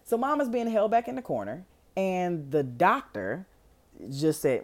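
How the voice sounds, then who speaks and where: Woman, movie recap, lively pitch, low-ish voice, slangy comic asides. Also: unhurried. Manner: animated, slangy and comedic, voicing characters in asides. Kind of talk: casual movie recap with acted quotes.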